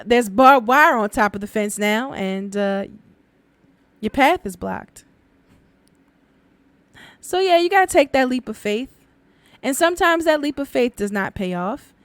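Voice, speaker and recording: A woman hosts a podcast where she tells folk tales in a chatty, casual way, laughing often. Her voice is a little high and a bit bright, and the recording is dry.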